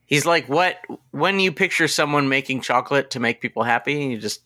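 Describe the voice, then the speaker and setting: A man's voice: medium pitch, brisk, sharp tone. A man co-hosting a movie podcast in casual chat, jokey and sarcastic as he riffs. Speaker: podcast co-host.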